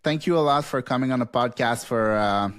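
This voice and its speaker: A man's voice: medium pitch, smooth. A male podcast host in a casual chat, reading out a long list with frequent laughs and fillers. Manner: rattles off picks quickly with frequent laughs and fillers.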